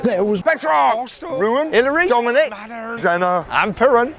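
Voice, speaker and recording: A man's voice: extremely high pitch, animated, moderate pace, a crowd in the background. A man narrating a playful folk tale. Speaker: storyteller. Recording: narration over music.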